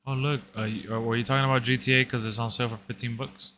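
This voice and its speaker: A young man in relaxed casual chat, using slangy speech and saying "bro" a lot. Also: mid-range voice, fast, slight background noise.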